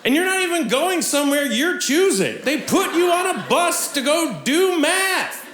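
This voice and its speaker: A young man performing a live stand-up comedy set on a theatre stage, animated and breaking into shouts for punchlines. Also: extremely high pitch, moderate pace. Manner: laughs at his own jokes. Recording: echoey theatre with audience noise.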